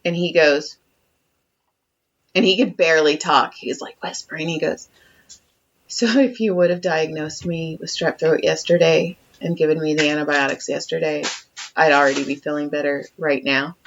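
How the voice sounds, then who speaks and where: A woman with a deep voice co-hosts a podcast, telling a story at normal speed in casual chat, animated and full of swearing and acted-out quotes. The sound is dull and lo-fi, with slight background noise.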